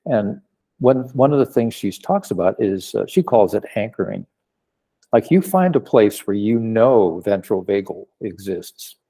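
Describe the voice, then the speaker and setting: A psychotherapist speaking in a low, gravelly voice with a husky edge and a dark, mellow tone. He explains things calmly and backs up the other speaker as he goes. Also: unhurried. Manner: calm, explanatory, affirming. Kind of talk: casual explanatory conversation.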